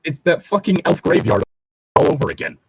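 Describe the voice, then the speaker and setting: A sarcastic man with a husky voice banters on a comedy podcast, swearing freely. His pitch swings widely as he talks. He sounds close to the mic in a dry space. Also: fairly quick, no echo, low-quality recording. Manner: sarcastic, lively, swears a lot. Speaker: podcast co-host. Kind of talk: casual comedic banter and reading.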